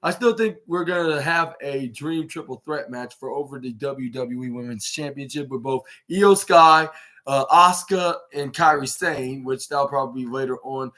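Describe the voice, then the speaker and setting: A man's voice: mid-range voice, moderate pace, bright, forceful tone. A man hosting his own podcast, recapping wrestling in a casual, rambling way and acting out quoted lines. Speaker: podcast host.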